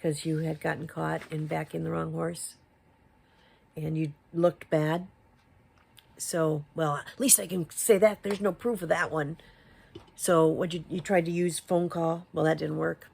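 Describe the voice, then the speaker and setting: A commentary YouTuber with a deep, husky, gravelly voice that's a little mellow speaks slowly and flatly. She confronts another creator with a string of rhetorical questions, building up to exasperated emphasis.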